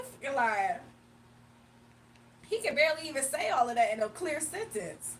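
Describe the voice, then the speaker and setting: High-voiced woman mocking on a livestream. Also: big pitch swings, normal speed, a bit bright, distant mic, slight background noise. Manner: mocking and blunt, laughs often. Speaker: livestream host. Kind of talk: casual livestream chat.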